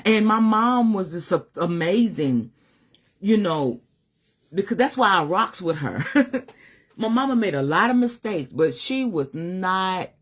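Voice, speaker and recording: Middle-aged woman, spiritual advisor, open-hearted live-stream monologue with a breathy, husky edge. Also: mid-range voice, expressive, slow. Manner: candid and emotional, swears casually.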